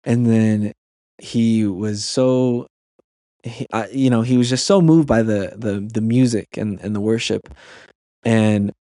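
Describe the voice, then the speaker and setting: A man's voice: fairly low pitch, slow pace, warm tone, dry recording, clean studio sound. A man on a podcast as a guest and youth camp leader, telling a personal story in an earnest way, with many restarts and fillers.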